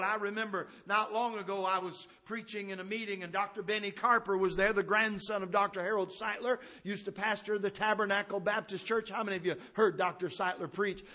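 A middle-aged man preaching a sermon, telling stories and swinging between hushed asides and raised, emphatic preaching. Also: sits high.

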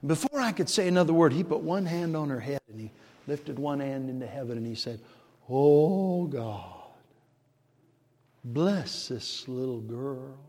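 Older preacher booming in a reverberant hall. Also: male voice, fast. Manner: dramatic, swinging from shouts to hushed storytelling. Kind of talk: sermon. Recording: long reverb of a large hall.

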